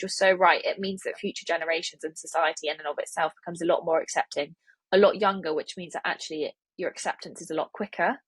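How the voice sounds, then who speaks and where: A woman hosts a podcast in a husky, lowish voice, chatty and emphatic as she drives her points home. The sound is close and dry, with no room echo. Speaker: podcast host. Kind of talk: casual interview conversation.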